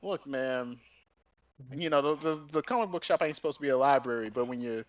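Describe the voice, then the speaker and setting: A young man hosting his channel, telling a profane, animated story and acting out both sides of an argument. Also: medium pitch, brisk. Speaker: gaming and art channel host. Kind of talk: casual storytelling rant.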